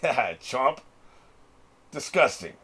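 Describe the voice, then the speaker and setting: A man's voice: medium pitch, very animated, extremely slow, bright, forceful tone, husky. A middle-aged man hosting a reaction video, chatting casually as he watches, swearing freely and laughing often. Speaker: reaction channel host.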